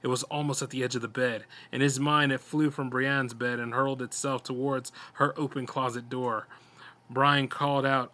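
A man, a podcast host, reading a horror story aloud in a steady storytelling voice with small stumbles. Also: mid-range voice, normal speed.

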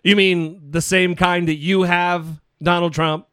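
A man's voice: sits high, little pitch movement, measured pace, a bit bright, clean tone, no echo, clean studio sound. A male podcast co-host giving sarcastic, incredulous political commentary.

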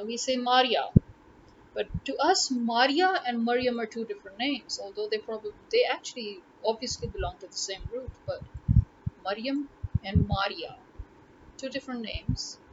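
A woman's voice: fairly high pitch, moderate pace, highs cut off, background noise. A woman language tutor talking casually to camera in an emphatic way, repeating words to drive her points home.

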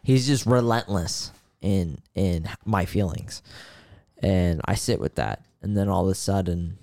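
A man with a low, gravelly voice tells a personal story on a podcast, earnest and candid. The sound is dry and close, with no room around it. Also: animated, measured pace, darkish tone, dry recording. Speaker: podcast co-host. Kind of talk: casual podcast conversation.

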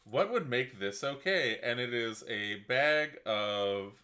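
A man with a bright, sharp voice at an ordinary pitch. He chats in a relaxed, jokey way as a podcast co-host and cheers on his friend's stories. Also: slow. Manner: laid-back, supportive reactions, jokey asides. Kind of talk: casual chat.

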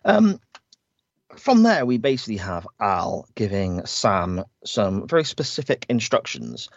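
A man's voice: lowish voice, big pitch swings, a little slow, no echo. A man co-hosting a podcast, recapping a TV episode's plot step by step in an easygoing, agreeable way, on a slightly dull recording. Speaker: podcast co-host. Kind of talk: casual chat recapping a TV episode.

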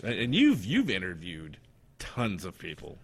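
A man's voice: low-pitched, huge pitch swings, measured pace, long reverb tail. A man hosting a casual chat, laughing as he retells a favorite story. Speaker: podcast host.

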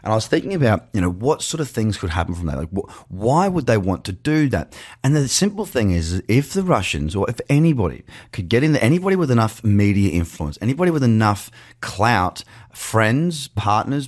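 A man with an Australian accent hosting a casual, chatty market commentary podcast from his office, with playful asides. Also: fairly low pitch. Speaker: podcast host. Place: home office. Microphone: webcam setup.

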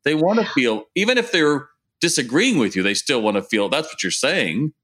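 A man's voice: fairly high pitch, big pitch swings, normal speed, a bit bright. A man hosting a podcast, musing in casual conversation with his guest. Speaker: podcast host. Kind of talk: casual interview chat.

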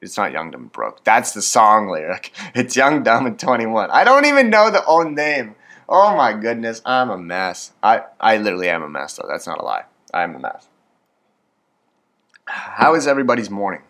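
A man's voice: on the low side, big pitch swings, moderate pace, sharp tone. Rambling young Canadian man, chatty. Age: 20s. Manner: rambling, self-deprecating, chatty with many fillers. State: hyped up on coffee. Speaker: podcast host. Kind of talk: casual solo podcast monologue.

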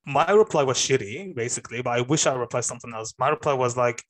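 A young man co-hosting a casual podcast, his voice sitting at an ordinary middle pitch. He tells stories with lively energy, swearing freely and slipping into other people's voices as he goes. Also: fast. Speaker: podcast co-host. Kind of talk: casual storytelling chat.

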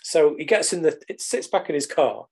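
A man's voice: on the high side, expressive, moderate pace, a little mellow, slightly rough. A middle-aged man, telling a story animatedly as a podcast guest, with casual swearing. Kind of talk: storytelling in conversation.

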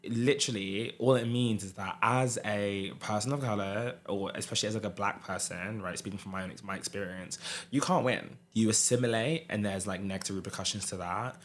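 A young man with a Southern English accent and a lowish voice, talking on a podcast. He lays out his ideas earnestly, building each point with care. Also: a little fast. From England. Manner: earnest, explanatory. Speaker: podcast guest. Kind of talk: casual podcast discussion.

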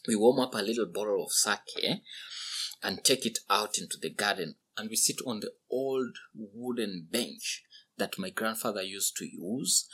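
A man voicing a kindly old man, chatting gently and with delight. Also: fairly low pitch, husky, exaggerated voice.

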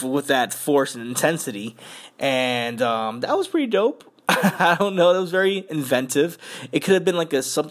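A man on a podcast, excitedly recapping an anime episode in slangy, profane casual talk with lots of filler words. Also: medium pitch. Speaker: podcast host.

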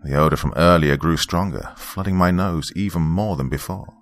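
A man narrating a first-person horror story in a steady, grave way. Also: low-pitched, normal speed, faint music behind.

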